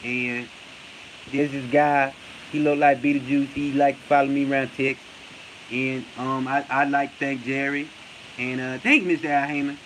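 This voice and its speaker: A low, sleepy-sounding boxer who mumbles and drawls, forever trailing off into "things like that", as a man puts him on. The voice sits well below the speaker's own pitch and comes out quieter and flatter. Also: normal speed, noisy background, lightly acted. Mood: drawling mumble. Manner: drawling, hesitant, trailing filler phrases.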